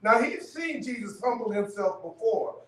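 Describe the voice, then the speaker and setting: A man leads a church Bible study in a loose, conversational way, stopping often to ask "okay?" His voice sits high. He is heard from a distance, and the room echoes around him. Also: animated, normal speed, a bit bright. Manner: conversational teaching, frequent "okay?" checks. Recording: echoey room, mic far off.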